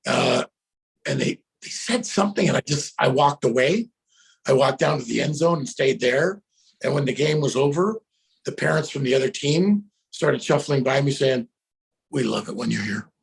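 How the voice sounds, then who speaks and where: Gravelly man telling lively stories. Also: medium pitch, moderate pace. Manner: animated, bursts into shouted cheers when retelling. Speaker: guest actor. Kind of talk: casual storytelling interview.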